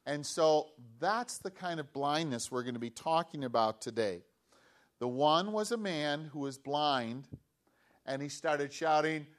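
A man preaching a children's sermon, telling a story in an animated way and asking the children questions. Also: a little high, unhurried. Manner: animated, asks children questions, acts out voices. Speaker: pastor giving a children's message.

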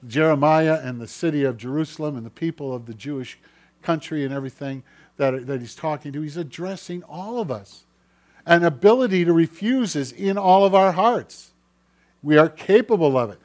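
A male pastor delivers a sermon, alternating between loud, declaiming stretches and quiet, low-voiced ones.

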